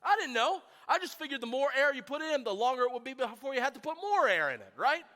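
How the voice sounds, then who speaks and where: A man preaching a sermon, telling self-deprecating funny stories about himself to a church congregation in an animated way. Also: very high voice, fast talker. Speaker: pastor. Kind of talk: humorous sermon storytelling. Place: church sanctuary. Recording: long church hall reverb.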